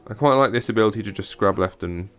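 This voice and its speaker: A man's voice: on the low side, fast. A man reviewing a mobile game, giving casual commentary with chatty, wry asides while he plays. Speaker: games reviewer.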